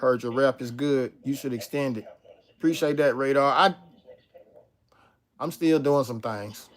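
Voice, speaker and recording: A man's voice: medium pitch, a little slow. Laid-back man chatting on a livestream. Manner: laid-back, chatty, reads out chat and answers viewers. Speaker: livestream host. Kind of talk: casual livestream chat reading comments.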